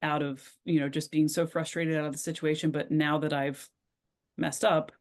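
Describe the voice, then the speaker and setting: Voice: medium pitch, little pitch movement, moderate pace. Give me a reflective, hesitant podcast co-host in casual conversation.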